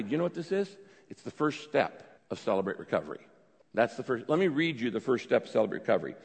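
A man's voice: medium pitch, vocal fry. A pastor preaching a sermon, his voice rising with emphasis as he voices quoted prayers. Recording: long reverb of a large hall.

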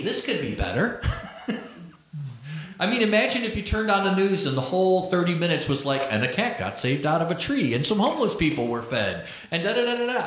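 A man preaching a sermon, reading scripture slowly and explaining it with conversational asides. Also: fairly high pitch. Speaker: pastor. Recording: echoey room.

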